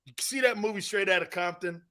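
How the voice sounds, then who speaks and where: Bright, high-voiced mocking sports talk host. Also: male voice. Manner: mocking, laughs often, mimics others in quick asides. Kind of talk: casual sports talk riffing.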